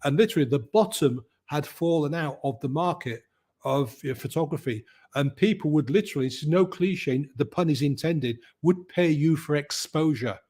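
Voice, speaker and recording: A middle-aged man, a guest telling his story in a lively way and acting out the voices of the people in it. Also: on the high side, normal speed. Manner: lively, acts out quoted voices. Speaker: guest, mindset coach. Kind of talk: animated storytelling.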